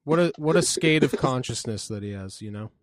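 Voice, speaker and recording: A man's voice: medium pitch, animated, fairly quick, no echo. A man co-hosting a podcast, dropping short reactions and banter. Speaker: podcast co-host. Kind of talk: casual chat.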